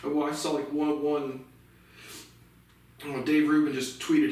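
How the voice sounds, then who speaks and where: A vlogger from the United States delivers a solo rant that is angry, profane and rambling. His voice is on the high side with a level, darkish tone, a moderate pace and long pauses. The mic is far off in a very echoey room.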